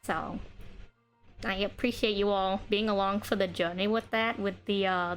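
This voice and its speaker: A woman streaming, chatting casually in a deliberately chosen voice, rambling with lots of fillers. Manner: playful, with sudden high pitch jumps; uses a deliberately chosen put-on speaking voice. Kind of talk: casual chat to stream viewers. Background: faint background music.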